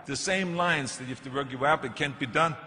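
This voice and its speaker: A man's voice: medium pitch, quick pace, a little hiss or hum. An older man with a German accent, giving a motivational speech and telling stories with punchy emphasis. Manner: animated storytelling with punchy emphasis. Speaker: keynote speaker. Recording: echoey hall, faint music.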